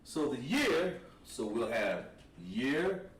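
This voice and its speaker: A man's voice: mid-range voice, very animated. Man teaching a class from a distance. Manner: halting, thinks aloud while writing on a board. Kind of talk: classroom language lesson. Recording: echoey room, mic at a distance, faint noise.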